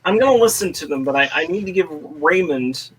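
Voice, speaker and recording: A man playing a tabletop game, talking in a hesitant, halting way. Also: a little high, expressive, husky, rough recording. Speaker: player. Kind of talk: casual tabletop game chat.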